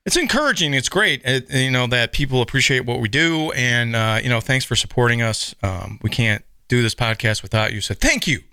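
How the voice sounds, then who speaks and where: A man's voice: medium pitch, a little fast, few pauses, pushed and bright, smooth, no echo. A man hosting a horror movie podcast in casual chat, laughing often and saying he is losing his voice. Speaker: podcast host.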